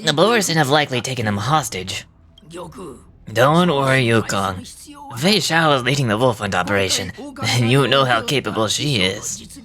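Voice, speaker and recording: A woman voicing a stern elderly male general, speaking in a measured, formal way. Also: extremely low pitch, expressive, a crowd in the background, voice pushed down. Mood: grave. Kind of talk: fan voice acting of a game script.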